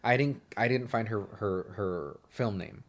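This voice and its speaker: A man's voice: lowish voice, unhurried. A man in his mid-thirties from Southern California co-hosts a podcast in loose, casual chat. He jokes around, swears freely and wanders off on tangents as he talks. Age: 30s. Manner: joking and profane, with tangents. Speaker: podcast co-host.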